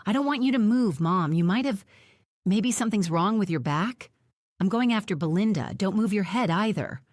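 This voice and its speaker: An anxious young woman in a storybook tells her hurt mother to keep still in an urgent, bossy way, as a woman narrator puts her on. The voice sits slightly high for her, and the recording is completely dry. Every line comes out hurried and worried. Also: expressive, darkish tone, no echo, natural voice. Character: anxious young adult daughter tending her injured mother. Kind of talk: audiobook character voice.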